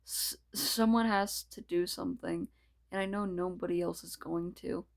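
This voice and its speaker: A woman's voice: on the low side, fairly even intonation, gravelly. A woman reading aloud as a frustrated, sulky male donut character. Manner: halting reading.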